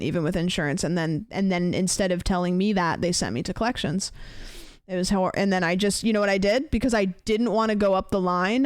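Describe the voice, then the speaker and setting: A woman's voice: mid-range voice, no room sound, studio quality. An American woman streamer chatting casually, telling a long story with lots of fillers and restarts. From United States. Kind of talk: casual livestream chat.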